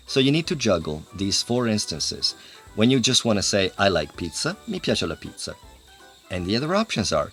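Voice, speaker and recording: Low-voiced man teaching with lively pitch. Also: brisk, soft background music. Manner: lively, playful explaining. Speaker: language teacher. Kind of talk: casual video lesson.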